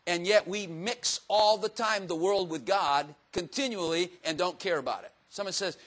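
A man's voice: sits high, normal speed, hardly any pauses, a bit bright. A man giving a casual, folksy Bible teaching to a room, chatty and self-mocking, often asking his listeners questions. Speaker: teacher or preacher.

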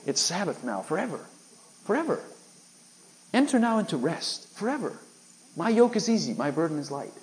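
A man's voice: high-pitched, very animated, moderate pace, long pauses, low-quality recording. A man preaching a sermon, emphatic and full of rhetorical questions aimed at his listeners.

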